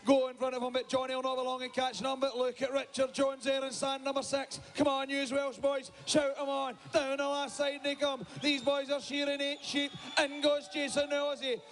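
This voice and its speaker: High-voiced man calling the action. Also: normal speed, hardly any pauses, faint music behind. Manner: excitable, urges the crowd to cheer. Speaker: shearing commentator. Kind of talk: live sport commentary.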